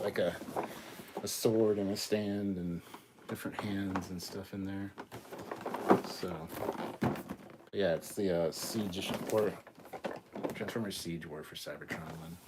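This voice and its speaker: A man's voice: low-pitched, steady tone, slow pace, pauses often, heavy background noise. A man hosting a casual livestream, reading out viewer comments and answering in a laid-back, blunt way with casual swearing. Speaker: host reading viewer chat.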